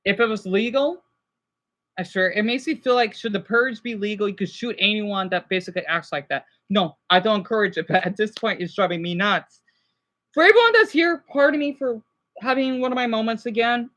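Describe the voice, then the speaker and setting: A man's voice: high voice, a little fast, sharp tone. A man streaming live and reacting, rambling and agitated, stammering and restarting his sentences and apologizing often, sounding stressed and overwhelmed. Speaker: livestreamer. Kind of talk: rambling livestream reaction commentary.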